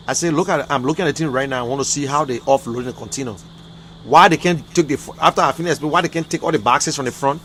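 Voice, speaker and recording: A man's voice: mid-range voice, quick pace, fairly bright tone, a little hiss or hum. A man with a Liberian accent giving heated political talk on a livestream, emphatic and exasperated, repeating his points. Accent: Liberian English. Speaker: livestream commentator.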